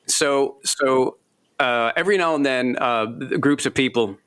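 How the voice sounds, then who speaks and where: A man, an author being interviewed, telling stories in a lively, self-deprecating way and laughing often. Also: medium pitch, measured pace, clear, resonant tone. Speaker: author guest. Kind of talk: casual interview chat.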